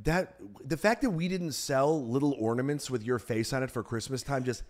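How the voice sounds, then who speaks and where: A man hosting a podcast, teasing his guest and telling animated stories in casual chat. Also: medium pitch, normal speed. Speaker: podcast host.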